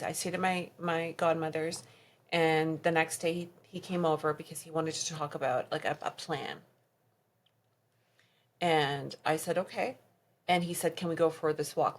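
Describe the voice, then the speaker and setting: A woman guest on a podcast interview, telling her own story of trauma with emotion, her voice dropping soft and quiet at the hardest moments. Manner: quotes others in her story, voice drops low and soft at hard moments.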